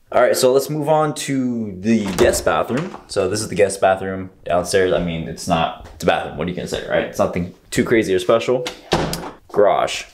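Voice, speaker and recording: A man's voice: sits low, animated, normal speed, reverberant, a little hiss or hum. A man in his twenties from Southern California gives a casual, upbeat home tour vlog, walking from room to room with lots of fillers. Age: 20s. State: a bit out of breath at times. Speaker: vlogger.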